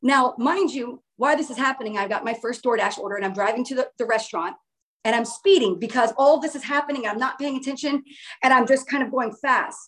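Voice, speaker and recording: A woman's voice: a little high, quick pace, rough recording. Earnest rambling woman telling a story. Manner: earnest, rambling with frequent restarts. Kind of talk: personal storytelling.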